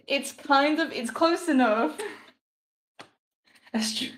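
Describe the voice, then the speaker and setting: Speaking slowly with long pauses, a woman with a high voice rambles and giggles to her viewers while cooking on a live stream. The sound comes from a phone mic she keeps moving away from, set in an echoey home kitchen.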